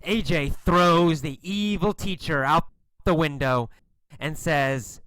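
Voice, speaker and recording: Slow, expressive male storyteller. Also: on the high side, clear, resonant tone, no echo, rough recording. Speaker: storyteller for English learners. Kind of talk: slow, clear story reading.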